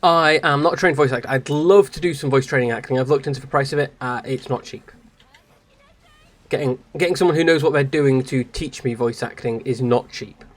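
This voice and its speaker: A man's voice: medium pitch, fairly quick. A man from England with an English accent, casually commenting on his game stream and chatting with viewers. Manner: chatty, laughing at himself, reads chat aloud. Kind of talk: live gameplay commentary. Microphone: streaming microphone.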